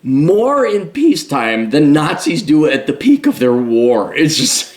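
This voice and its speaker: Sarcastic, lively ranting man. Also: fairly high pitch, a little slow. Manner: sarcastic, mocking, with mimicking asides. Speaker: commentary host. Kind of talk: ranting commentary.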